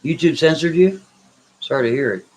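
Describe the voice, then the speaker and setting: A man's voice: a little high, animated, brisk, breathy edge, rough recording. A man hosting a live stream, answering viewers' comments in a blunt, brash, dismissive way. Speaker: livestream host reading chat. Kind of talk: casual live chat.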